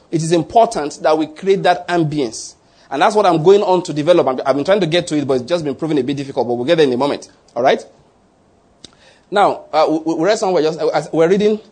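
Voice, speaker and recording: A man, preaching a slow, emphatic sermon to a congregation as pastor. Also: a little high, a little mellow.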